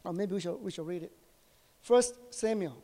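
High-voiced preacher in a reverberant hall. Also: male voice, warm tone. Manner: asks the congregation short questions, halting with many fillers. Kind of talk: sermon.

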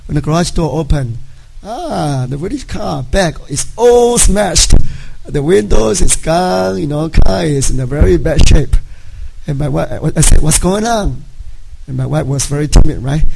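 A middle-aged man, a native Chinese speaker, giving a personal testimony to a congregation in halting speech, often checking in with "right?". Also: on the high side, expressive, vocal fry, background noise. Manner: halting, frequent "right?" tag questions. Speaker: church member giving a testimony.

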